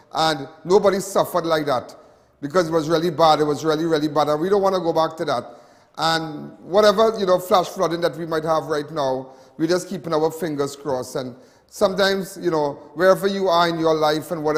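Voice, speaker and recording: A Trinidadian man hosts a live TV talk show, chatting along loosely and repeating himself as he goes. His voice sits fairly high for a man, with a long reverb trailing behind it in the studio. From Trinidad and Tobago. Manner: chatty, repetitive, with many restarts and asides. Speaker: host.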